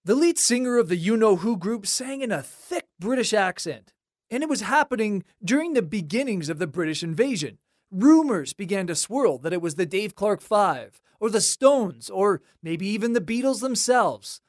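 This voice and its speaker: A host narrating a scripted music-history story in a conversational, lightly wry way. The voice moves through a lively, animated range. It sits close on a dry mic with no room sound. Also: mid-range voice, moderate pace, no room sound.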